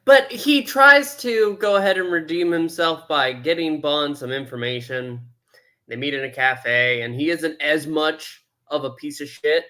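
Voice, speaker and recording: Male co-host, fairly high voice, unhurried, halting delivery with dry asides. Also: sharp tone. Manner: halting, lots of ums and uhs, dry asides. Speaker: movie review podcast co-host. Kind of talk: casual movie review chat.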